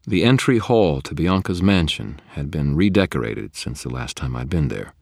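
A man narrating a first-person novel in a wry, deadpan storytelling manner. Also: very deep voice, moderate pace, creaky, no echo, studio quality. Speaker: audiobook narrator.

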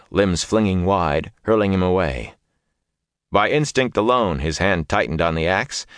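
A man reading a fantasy novel aloud as an audiobook narrator, in a measured, dramatic way. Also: deep voice, a bit bright, no echo, studio quality.

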